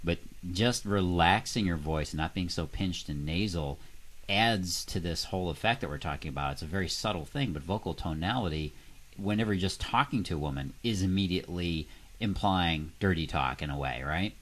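A man co-hosting a podcast in casual chat, talking with a few halting fillers. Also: low voice. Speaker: podcast co-host.

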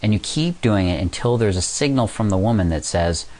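A man giving casual dating advice, acting out other guys' lines as he talks. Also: a little fast. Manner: animated, acts out quoted guys in a higher voice. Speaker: dating coach. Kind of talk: casual instructional monologue.

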